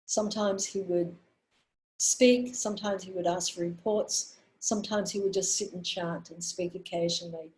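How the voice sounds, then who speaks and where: A woman in her sixties giving a spiritual talk, telling earnest stories with pauses and restarts. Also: fairly low pitch, fairly even intonation, a little mellow, poor audio. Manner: earnest storyteller, pausing on fillers and restarts. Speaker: women's minister giving a talk.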